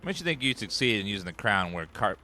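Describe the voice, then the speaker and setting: A man's voice: fairly low pitch, very animated, fast, sharp tone, slight background noise. A man streaming a video game, chatting casually with filler words. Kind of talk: casual gameplay commentary.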